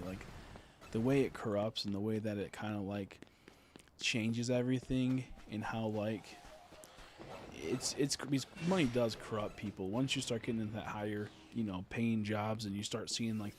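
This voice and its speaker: A man's voice: on the low side, a little mellow, slight background noise. Ranting young man streaming a game. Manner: ranting, swears a lot, many fillers. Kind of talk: casual live-stream chat.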